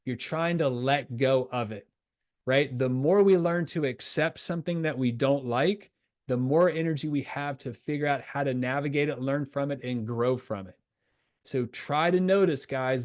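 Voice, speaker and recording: A man coaching young soccer players on mental skills, energetic and acting out the voices in their heads. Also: mid-range voice, moderate pace. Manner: energetic, acts out inner voices. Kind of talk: coaching talk to a youth soccer team.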